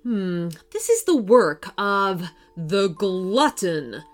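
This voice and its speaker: Slow, deadpan ninja cop hero, played by a woman storyteller. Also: medium pitch. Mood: serious. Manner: slow, deadpan, deadly serious. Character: calm serious male ninja police officer.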